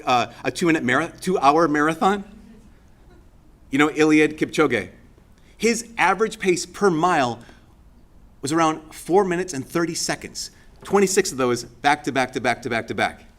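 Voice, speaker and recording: Male priest, casual homily, animated storyteller, slightly high voice. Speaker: Catholic priest. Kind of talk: conversational homily.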